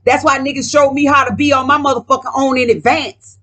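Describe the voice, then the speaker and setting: A woman's voice: high voice, fairly even intonation, brisk, a bit bright. A woman vlogger talking casually while reading tarot cards, profane and emphatic, rambling and speaking straight to her viewers.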